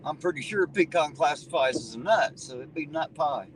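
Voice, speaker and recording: This livestream host's voice is on the high side with lively intonation at a normal speed. He works through viewer comments in a folksy style, swearing and chuckling, over loud traffic picked up by a faraway mic.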